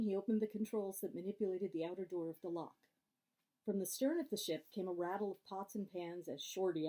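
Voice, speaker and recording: A woman's voice: medium pitch, dark tone. A woman from Scotland reading an old science fiction story aloud at home, chatty and laughing, stumbling over some words. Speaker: reader. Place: home with dogs.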